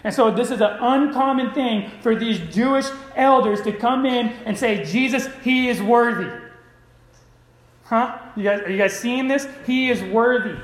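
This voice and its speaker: A man's voice: extremely high pitch, normal speed, echoey room, rough recording. A man preaching a sermon, calling out to his congregation. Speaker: pastor.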